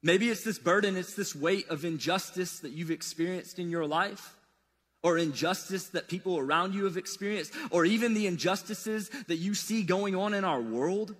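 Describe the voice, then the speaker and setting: Casting note: man with a high voice, relaxed conversational sermon style, recorded in a hall with long echo. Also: normal speed. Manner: casual, conversational preaching with wide swings in pitch and loudness. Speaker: preacher. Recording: long reverb of a large hall.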